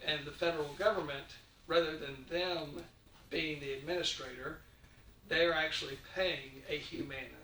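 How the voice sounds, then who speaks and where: A man's voice: fairly high pitch, sharp tone. A man speaking as an insurance consultant, explaining plainly at a public meeting with frequent ums and uhs. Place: county meeting room. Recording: echoey room, distant mic, faint noise.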